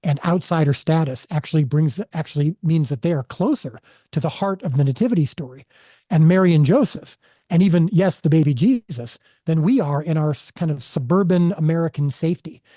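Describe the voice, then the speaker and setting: Earnest man telling a story, dark dry sound. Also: on the high side, a little fast, no room sound. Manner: earnest, animated storytelling with many restarts. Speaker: filmmaker guest. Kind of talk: conversational podcast interview.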